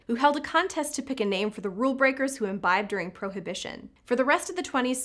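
A woman hosts a scripted educational video in a fairly high voice that moves up and down a great deal. She delivers her facts in a playful way and tosses in jokey asides. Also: fairly bright tone. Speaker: host, editor-in-chief.

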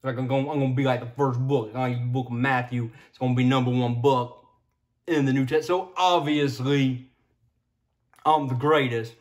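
A man's voice: medium pitch, steady tone, moderate pace, close to an everyday voice. A man voicing a boastful male disciple and former tax collector with a put-on Brooklyn-Italian accent, in a slangy bragging manner. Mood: secretive. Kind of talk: casual sermon retelling.

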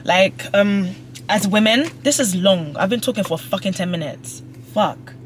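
A woman's voice: medium pitch, measured pace. A young woman vlogging from her car, venting emotionally and swearing freely as she talks through a falling-out with a friend. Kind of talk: casual vlog rant. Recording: car noise behind the voice.

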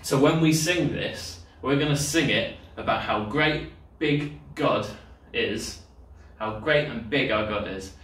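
Strumming his own loud guitar, a man guides children's worship for kids at home in an upbeat, encouraging way. He speaks slowly at medium pitch with hardly any pauses, and the distant mic picks up an echoey room.

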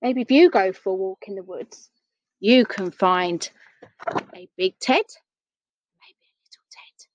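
A woman reading a picture book aloud to children, gentle and unhurried, with questions for her listeners. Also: mid-range voice, expressive, no echo, muffled recording. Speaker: storyteller.

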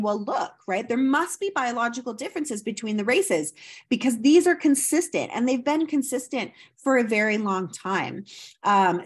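A woman at a middle pitch, recording a slide lecture for an anthropology course. She explains step by step, leans on frequent ums and fillers, and keeps asking her listeners rhetorical questions. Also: fairly bright tone.

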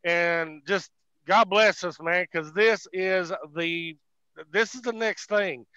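A man from North Carolina, a truck driver on a video call from his cab, excited and folksy with many fillers. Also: high voice, takes it slowly, clean tone, dry recording. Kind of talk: casual chat. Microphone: phone on a video call. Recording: muffled video call audio.

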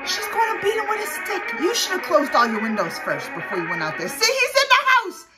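A woman's voice: high-pitched, wildly swooping pitch, a little fast, poor audio. A woman hosting a reaction video, exclaiming, laughing a lot and talking back to the screen in casual commentary. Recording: loud music playing behind the voice.

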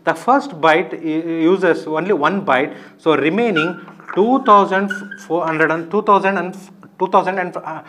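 A man's voice: a little high, a little slow, a bit bright, a little hiss or hum. A man giving a recorded lecture, explaining step by step, often asking his own questions and answering them.

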